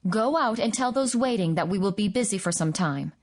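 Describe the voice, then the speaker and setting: A woman reading the part of a calm woman doctor who gives steady orders in an audiobook. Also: mid-range voice, brisk, lightly acted. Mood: commanding.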